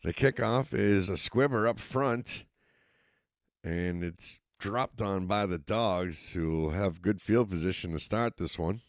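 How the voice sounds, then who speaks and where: Low-voiced Massachusetts football announcer. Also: male voice, slow pace, no room sound, studio quality. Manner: steady play-by-play, rising excitement on scoring plays. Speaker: play-by-play announcer. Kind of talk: youth football commentary.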